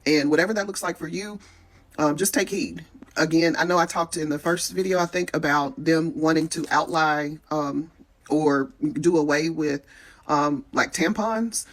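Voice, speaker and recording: A woman talking casually to camera, giving practical tips in a frank, earnest way with many pauses. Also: low voice. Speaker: vlogger giving preparation tips.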